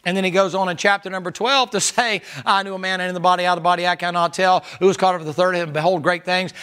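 Impassioned preacher man. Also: smooth. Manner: impassioned preaching, rising to high shouted stretches when reading and quoting. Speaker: pastor. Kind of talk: sermon.

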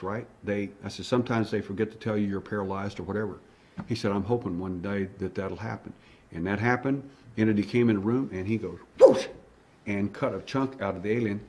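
Husky man telling an abduction story. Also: on the low side. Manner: animated, acts out dialogue. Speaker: alien abduction investigator. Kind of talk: storytelling monologue.

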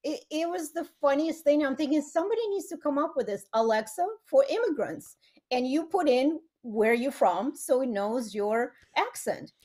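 High-voiced, laughing woman guest. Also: normal speed, a little mellow. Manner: laughs often, acts out family quotes. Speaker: matchmaker and author guest. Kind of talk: casual chat.

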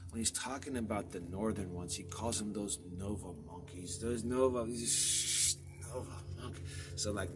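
A man talking off the cuff over old maps, meandering with many fillers and restarts and trailing off into quiet mutters. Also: fairly low pitch, slight background noise. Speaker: vlogger.

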